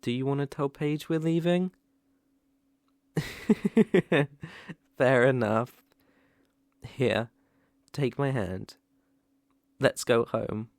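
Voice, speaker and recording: A young man with a British accent playing a remorseful ex-boyfriend in a whispered role-play, speaking hesitantly with soft laughs. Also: mid-range voice, drawn-out words, long pauses, no echo, clean studio sound. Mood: tender. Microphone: close mic, ASMR.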